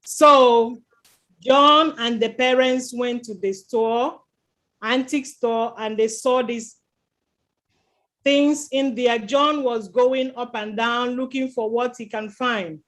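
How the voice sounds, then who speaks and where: A woman's voice: a little high, slow pace. A woman telling a children's chapel story in church, stopping often to quiz the children with questions. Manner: lively, quizzes the children with questions.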